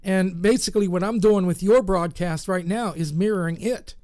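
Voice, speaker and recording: A man co-hosting a casual internet radio chat, joking and spinning stories with quick asides. His voice sits high and the sound is dry and close. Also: mellow, no echo. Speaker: radio show co-host.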